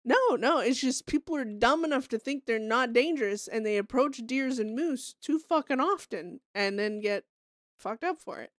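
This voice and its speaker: A woman's voice: on the high side, animated, moderate pace, no echo, studio quality. A young woman from Canada chatting casually with her stream viewers, laughing often and swearing freely.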